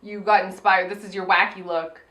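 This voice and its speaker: A woman's voice: medium pitch, little pitch movement, moderate pace, a bit bright. A woman co-hosting a casual chat about a TV episode, acting out quotes in playful voices. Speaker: podcast co-host. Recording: echoey room.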